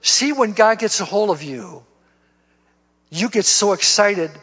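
A man's voice: sits high, lively intonation, a little slow, a bit bright, slightly rough. A man telling his conversion story in a sermon testimony, folksy and laughing at himself. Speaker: guest speaker giving testimony. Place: church. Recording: dull lo-fi church recording with long reverb.

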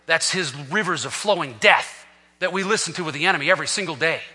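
A man preaching an impassioned sermon, swinging from hushed talk to shouting, in a large echoing hall. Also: a little high, fast, slightly rough. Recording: long reverb of a large hall.

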